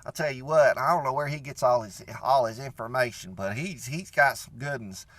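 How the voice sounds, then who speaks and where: A man's voice: mid-range voice, a little fast, a bit bright, no room sound, natural voice. A man playing a rambling, beer-drinking redneck, in a comedic character monologue full of "you know".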